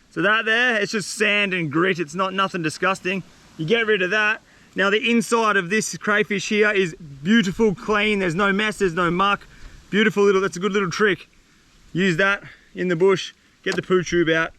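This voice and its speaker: An Australian man vlogging outdoors on a windy coast, talking in an energetic, slangy, enthusiastic way. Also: sits high. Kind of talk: casual vlog narration.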